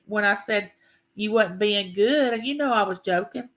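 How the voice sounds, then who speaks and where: A woman's voice: medium pitch, normal speed. A woman hosting a casual live stream, chatting and greeting her viewers by name. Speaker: livestream host.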